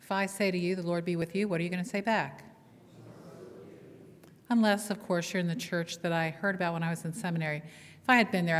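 Woman pastor preaching in reverberant church. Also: lowish voice. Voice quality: lively storytelling, playful call-and-response with congregation. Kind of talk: sermon. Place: church sanctuary. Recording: long hall reverb in church.

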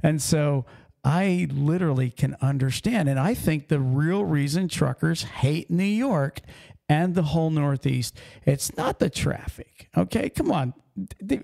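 Gravelly, animated trucker host. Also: male voice, on the high side. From Pennsylvania. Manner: animated storytelling, acts out accents. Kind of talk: casual podcast chat.

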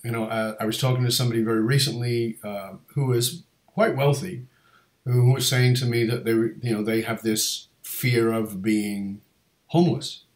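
A man's voice: medium pitch, fairly even intonation, moderate pace, darkish tone, reverberant. A man hosting a podcast interview, telling a rambling story full of fillers and restarts. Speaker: podcast host. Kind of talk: casual interview chat.

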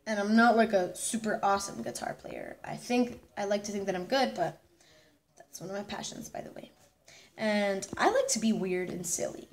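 A woman's voice: mid-range voice, moderate pace, slight background noise. A nineteen-year-old woman chatting casually in a vlog, bubbly and rambling, often restarting her sentences. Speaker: vlogger.

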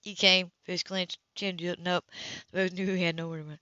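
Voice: medium pitch, level tone, brisk, bright, forceful tone, no echo. An amateur audiobook reader who stumbles over words and chuckles at the text while reading, in a dull lo-fi recording.

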